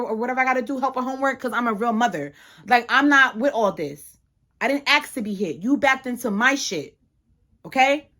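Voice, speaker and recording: A woman's voice: on the high side, a bit bright. Heated, profane woman vlogger ranting. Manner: heated, blunt and profane, with many restarts. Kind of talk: casual storytime rant.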